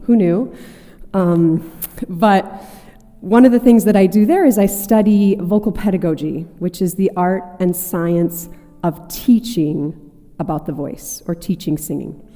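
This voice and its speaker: Woman, singing teacher, stage talk, warm mellow voice, long hall echo. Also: mid-range voice. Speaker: singing teacher and opera singer. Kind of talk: stage presentation.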